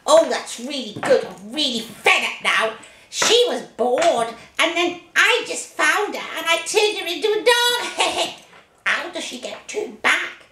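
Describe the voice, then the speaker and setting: A woman's voice: high-pitched, sing-song, measured pace, pushed and bright, a little hiss or hum, full character voice. A woman doing a cackling puppet witch. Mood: gleeful. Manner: cackling, gleeful. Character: giggling mischievous puppet witch sisters. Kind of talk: children's puppet show. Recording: roomy echo.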